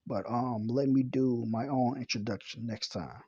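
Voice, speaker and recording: A man's voice: mid-range voice, steady tone, mellow, breathy edge, no echo, muffled recording, close to an everyday voice. A man voicing a cocky young boy superhero while reading a comic aloud, in his own plain voice. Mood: boastful. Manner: read in the reader's plain voice, unhurried.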